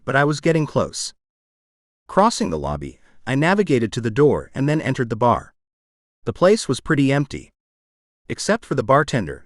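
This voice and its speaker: Expressive male audiobook narrator. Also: mid-range voice, no echo, studio quality. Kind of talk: first-person scripted narration.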